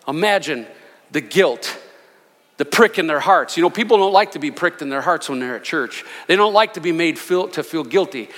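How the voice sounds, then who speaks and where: A male senior pastor preaching a sermon with passion, swinging between loud, fervent declarations and hushed asides. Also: on the high side, lively intonation, normal speed, long reverb tail. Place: church sanctuary.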